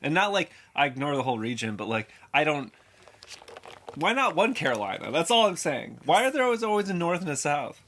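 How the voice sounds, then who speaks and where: A man co-hosting a casual reaction show, joking and rambling with excitable jumps in pitch. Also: brisk, a little hiss or hum. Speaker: co-host of a reaction channel.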